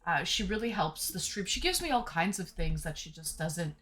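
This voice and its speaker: A woman's voice: on the low side, animated, moderate pace, fairly bright tone. A woman hosting a casual live stream, friendly and enthusiastic, thanking her viewers. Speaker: streamer host. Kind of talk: casual chat.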